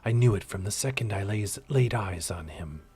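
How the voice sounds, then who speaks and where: A man voicing a gruff, distrustful older male warrior who grumbles low and curt. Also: animated, normal speed, darkish tone. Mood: smug.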